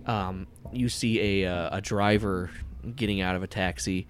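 Low-voiced man running a tabletop game. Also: steady tone, a little slow, a little hiss or hum. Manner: rambling, filler-heavy description. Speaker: game master.

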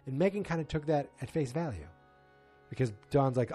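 A man's voice: medium pitch, moderate pace, faint music behind. A man casually recapping a TV episode in a rambling way, acting out the characters' lines as he goes. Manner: rambling, animated, quotes characters.

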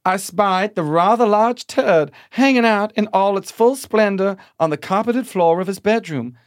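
A genteel Southern belle, prim and melodramatic, as a man puts her on. The drawl is exaggerated and the voice rides higher than a man's usual speech. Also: normal speed, lightly acted. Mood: dramatic. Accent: mock American Southern.

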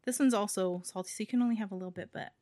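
A woman's voice: medium pitch, rapid-fire, dark tone, dry recording. A woman from Hawaii co-hosting a casual chat, talking freely with fillers and frequent laughter. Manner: chatty, laughs often, trails off with fillers. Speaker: podcast co-host.

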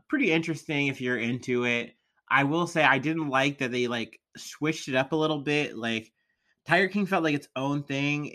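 A man's voice: mid-range voice, bright, forceful tone. A young man from the American Midwest hosting a casual solo podcast, rambling and chatty with many fillers. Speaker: podcast host.

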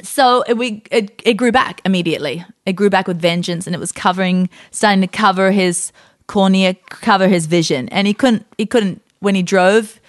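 A woman podcast host telling a story in a casual, animated way, with lots of fillers and restarts. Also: mid-range voice, normal speed, no room sound, clean studio sound.

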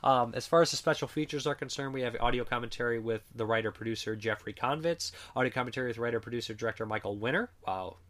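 A man casually reviewing movies in a rambling, animated way, swearing now and then, and sounding sick. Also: mid-range voice, fast talker, hardly any pauses. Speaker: film reviewer.

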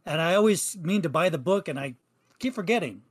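A man's voice: fairly high pitch, expressive, fairly quick, breathy edge. A man co-hosting a podcast, chatting in an easygoing way and laughing along. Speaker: podcast co-host. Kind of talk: casual podcast chat.

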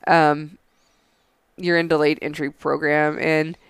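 Podcast co-host, man in his thirties, loose profane chat, crisp dry voice. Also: on the high side, little pitch movement, takes it slowly, fairly bright tone, no echo. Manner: loose and profane, lots of "like" fillers. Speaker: podcast co-host, Air Force veteran. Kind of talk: casual chat.

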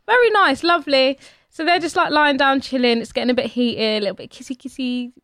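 A woman's voice: high voice, a little fast, no room sound, clean studio sound. A woman, hosting a casual chat and telling a funny story, acting out the quoted voices. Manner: animated, acts out quoted voices, laughs often. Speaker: podcast host.

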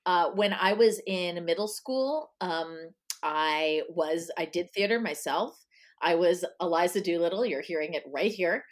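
Chatty woman from Long Island, lowish voice. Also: expressive, unhurried, hardly any pauses. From Long Island, New York. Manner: chatty, with frequent ums and you-knows. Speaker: guest, author. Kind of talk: casual interview.

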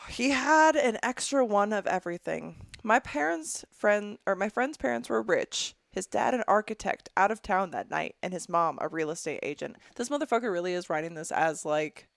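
A woman's voice: mid-range voice, expressive, moderate pace, creaky, dry recording. A young woman co-hosting a casual podcast in a studio, reading a listener's letter aloud and breaking off into blunt, profane, disgusted commentary. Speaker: podcast co-host.

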